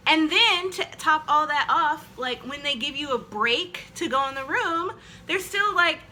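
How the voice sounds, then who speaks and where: A woman talks to her own camera in a loose storytime monologue, her voice very bright and sharp and sitting somewhat high. She rambles through fillers and pokes fun at herself as she goes. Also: expressive, measured pace, slight background noise, low-quality recording. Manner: chatty and rambling, with frequent "like" fillers; self-deprecating and joking. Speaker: vlogger telling a personal story. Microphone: camera she films herself with.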